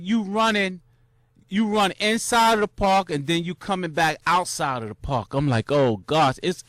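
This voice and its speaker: High-voiced New man telling a story. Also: dry recording, clean studio sound. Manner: animated, acts out cheering crowds in high shouts; loose, repetitive slang with many restarts. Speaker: vlogger recounting a marathon. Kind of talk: casual storytelling monologue.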